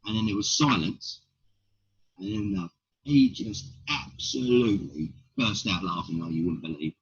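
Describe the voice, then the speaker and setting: A man's voice: deep voice, normal speed, husky. A middle-aged man, a stand-up comedian telling blunt stories in an interview and firing off rhetorical questions. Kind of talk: storytelling in an interview. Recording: dull lo-fi recording.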